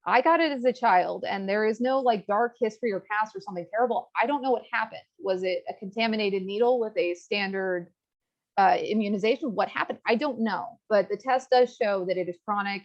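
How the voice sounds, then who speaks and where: A young woman from rural Virginia, a guest telling her health story in a candid, earnest interview. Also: mid-range voice. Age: young adult. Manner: earnest, frank, quotes others in lively asides. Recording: slightly dull lo-fi audio.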